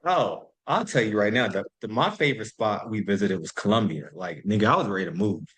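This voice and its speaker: A man's voice: lowish voice, lively intonation, fairly quick, a bit bright, low-quality recording. A man in his thirties, a podcast guest, telling stories in loose, profane casual chat full of "like". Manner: loose and profane, heavy use of "like".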